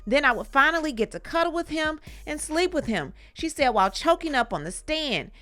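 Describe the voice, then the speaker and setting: A woman hosting a commentary channel, briskly reading court testimony aloud with short reaction asides. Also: high-pitched, bright, forceful tone, no echo.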